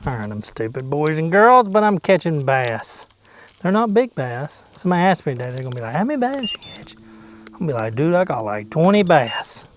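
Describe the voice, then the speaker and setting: A man's voice: a little high, sing-song, fairly quick, a little hiss or hum. A man chatting casually while fishing from a boat outdoors, goofy and talkative, dropping into whispers now and then. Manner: goofy, chatty, drops into whispers and silly sing-song noises. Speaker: fishing vlogger.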